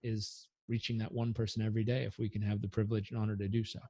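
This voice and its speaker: A man's voice: on the low side, flat delivery, fast, dark tone, no echo. A man, a performance coach, answering interview questions earnestly and energetically, at times leading a breathing exercise aloud.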